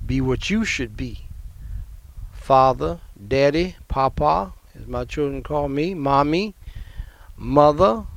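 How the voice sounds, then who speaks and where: Gravelly older man preaching. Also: on the high side. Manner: conversational preaching with repetitions and asides. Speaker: pastor. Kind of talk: sermon.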